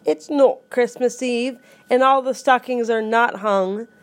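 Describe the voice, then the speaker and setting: A woman hosting her own podcast in a playful, joking way, reciting a holiday poem with loud, animated emphasis. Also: a little high, unhurried, no echo. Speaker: podcast host.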